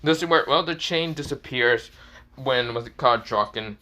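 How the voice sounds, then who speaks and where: A man narrates a fan story off the cuff, circling back on himself with constant filler phrases. His voice is bright and forceful, with an ordinary, middling pitch. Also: normal speed. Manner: rambling, many fillers and restarts.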